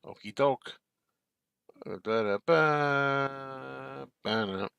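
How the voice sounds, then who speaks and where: A relaxed man talks through a home live stream from his desk and answers his chat as it scrolls by. His voice sits in a middling register and sounds dry and close, with no room around it. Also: medium pitch, drawn-out words, vocal fry, smooth, no echo. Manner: easygoing, chuckling, talks back to chat. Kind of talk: casual chat reading viewer comments.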